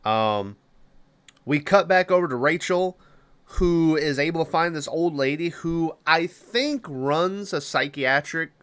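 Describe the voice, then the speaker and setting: A man hosting a podcast, recapping a film plot in a casual, rambling way, swearing freely and filling pauses with "uh" and "you know". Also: fairly high pitch, fairly bright tone, smooth. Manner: profane, rambling, lots of fillers. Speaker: podcast host.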